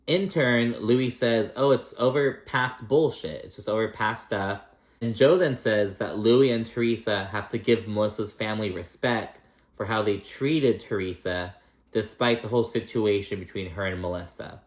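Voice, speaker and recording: A male host with a lowish voice recaps a reality show casually at a moderate pace in an echoey room. He swears freely and animatedly acts out what the cast members said.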